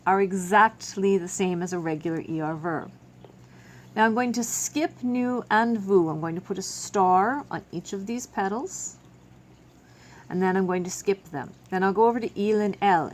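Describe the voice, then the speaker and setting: A woman teaching a French verb lesson to students, explaining each step patiently. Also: mid-range voice. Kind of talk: classroom video lesson.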